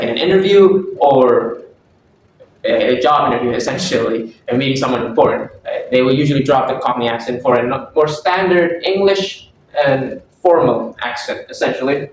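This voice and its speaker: A man's voice: on the high side, a little hiss or hum. Young man presenting, far off in an echoey room. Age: young adult. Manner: halting, many fillers and self-corrections. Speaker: student presenter. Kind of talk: class presentation.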